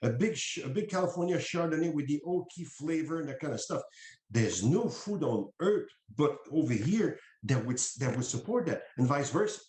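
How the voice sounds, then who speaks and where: A middle-aged man with a French accent, a wine importer, telling stories in conversation in an animated way, acting out quoted dialogue and often restarting his sentences. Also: fairly high pitch, normal speed, reverberant, low-quality recording. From France. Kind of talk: storytelling in conversation.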